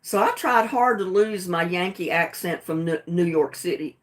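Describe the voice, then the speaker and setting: A woman's voice: fairly low pitch, normal speed. A middle-aged woman with a Southern US accent, talking plainly and defiantly on her own livestream. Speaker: livestream host. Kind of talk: casual livestream talk.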